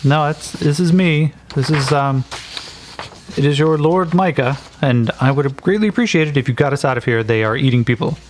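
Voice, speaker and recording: An idealistic young lord, voiced by a man in a solo tabletop game. He speaks earnestly with small hesitations, a touch higher than a plain voice. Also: normal speed, slight background noise, close to an everyday voice. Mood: polite.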